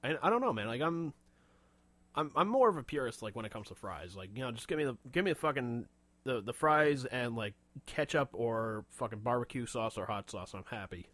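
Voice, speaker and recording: A man co-hosting a podcast in a loose, rambling chat, swearing freely and breaking into laughter. His voice is bright and bouncy, jumping up and down in pitch. It sounds dry and close, with no room around it. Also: expressive, fairly quick, dry recording. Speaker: podcast co-host. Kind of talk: casual chat.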